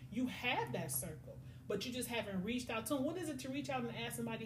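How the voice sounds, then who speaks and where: Middle-aged woman as podcast host, animated storytelling, echoey room. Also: fairly high pitch, fast talker, hardly any pauses. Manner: animated storytelling, acts out friends' voices. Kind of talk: casual podcast chat. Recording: echoey room, faint noise.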